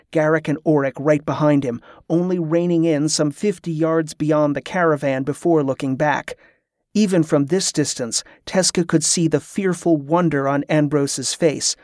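Man, audiobook narrator, fantasy story, dramatic delivery, fairly high voice, dry close mic. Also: a little mellow, no echo.

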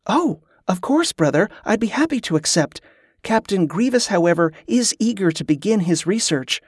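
A reader voicing Carla, a brisk, wry young woman traveler, raising the voice into a lighter register for her lines in an audiobook. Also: medium pitch, very animated, slightly rough, dry recording, studio quality, voice pushed up. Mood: polite. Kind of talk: audiobook character voice.

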